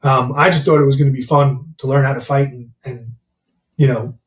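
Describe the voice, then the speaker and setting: A man's voice: medium pitch, fairly even intonation, fairly quick. A man who works as a mindset coach and gym owner, talking bluntly and candidly in a casual interview and swearing freely. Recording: roomy, distant mic.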